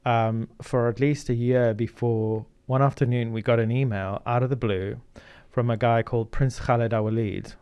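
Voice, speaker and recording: A middle-aged man from Zimbabwe, speaking as an interview guest at a middle pitch. He tells his story earnestly, with lots of ums and restarts. The sound is close and dry. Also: steady tone, normal speed, few pauses, a little mellow, smooth, no echo, muffled recording. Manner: earnest, anecdotal, many fillers. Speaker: guest, media founder.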